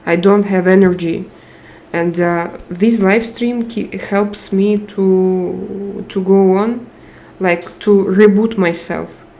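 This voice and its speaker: Woman live stream host, tired, unhurried speech, emotional thanks to chat. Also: medium pitch, fairly even intonation, gravelly, slight background noise. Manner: warm, emotional, reads out chat names and thanks viewers. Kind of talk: casual live chat with viewers.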